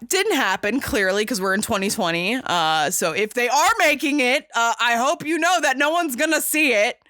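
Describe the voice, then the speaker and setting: A woman's voice: mid-range voice, a bit bright, dry recording. Woman, podcast host, casual chat, emphatic and gushing, dry close-miked sound. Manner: emphatic, gushing, lots of fillers and restarts.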